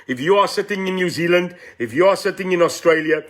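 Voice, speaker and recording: A middle-aged South African man with a South African accent hosts a live political talk stream, speaking fast in a high-pitched voice. Passionate, he mixes Afrikaans into his English and greets viewers by name.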